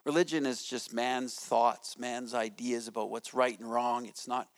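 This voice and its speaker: A man's voice: mid-range voice, steady tone, a little slow. A middle-aged man, a pastor, preaching a sermon to his church in a conversational way, often checking in with "right?". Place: church sanctuary.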